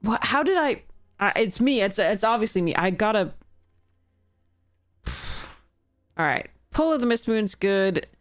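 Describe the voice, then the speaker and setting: A woman's voice: medium pitch, lively intonation, slow, pauses often, dry recording, clean studio sound, soft background music. Woman thinking aloud while streaming. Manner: thinks aloud, self-deprecating, laughs at own mistakes. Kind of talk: casual livestream commentary while drafting.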